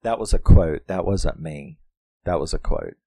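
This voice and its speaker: A man's voice: deep voice, measured pace, vocal fry, warm tone, no echo. A man giving a casual, profane review of a horror film, laughing often and acting out lines from it. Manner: profane, laughs often, quotes characters in put-on voices.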